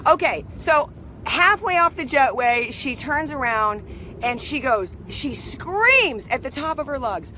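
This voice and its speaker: High-voiced animated woman giving a pep talk. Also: unhurried, slight background noise. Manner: animated, keeps asking "right?". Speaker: motivational speaker. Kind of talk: casual spiritual pep talk.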